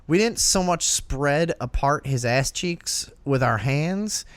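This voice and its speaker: Profane, animated male podcast host. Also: on the high side, takes it slowly, smooth, no room sound. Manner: profane, animated storyteller acting out quotes. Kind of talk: crude storytelling on a comedy talk show.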